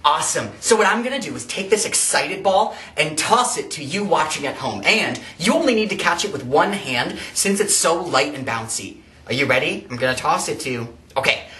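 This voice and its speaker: A teaching artist gently leading a children's drama workshop and speaking straight to the viewers at home. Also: mid-range voice, lively intonation, moderate pace. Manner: gentle, encouraging, addresses viewers directly. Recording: echoey room, mic at a distance.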